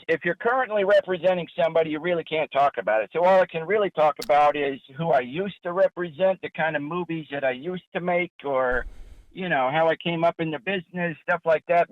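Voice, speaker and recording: Crude, touchy Jersey braggart caller, played by a man; higher voice, muffled dry phone sound. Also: no echo, lightly acted. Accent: New Jersey. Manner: boastful, crude, quick to take offense. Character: sleazy aging male caller, loud braggart producer.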